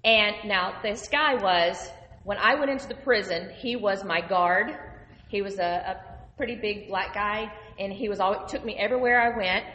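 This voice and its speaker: Woman preacher sharing testimony, lively storyteller, long hall reverb. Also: medium pitch, moderate pace, highs cut off, slight background noise. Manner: animated, conversational storyteller. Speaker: minister.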